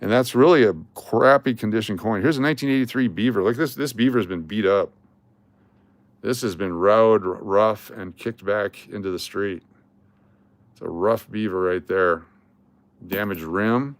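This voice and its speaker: An older man hosting a coin collecting live stream speaks at normal speed in a lowish voice, pausing often, on a dry recording. He's chatty and jokey, sorting coins and naming their dates and mint marks.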